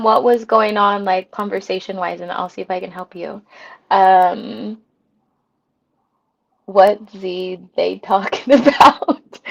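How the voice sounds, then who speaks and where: A woman's voice: medium pitch, dull audio. A woman hosting a casual live stream, reading viewer comments aloud and giving relationship advice with frequent laughter. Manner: laughs often, drawn-out reactions, many ums. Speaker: livestream host.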